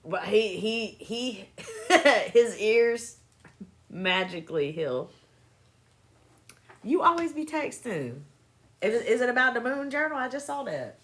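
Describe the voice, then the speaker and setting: A woman's voice: fairly high pitch, expressive, takes it slowly, pauses often, a bit bright. A woman hosting a live stream, chatting casually and joking with frequent laughter, recorded on a phone. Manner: joking, laughs often, playful teasing. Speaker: livestream host. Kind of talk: casual chat.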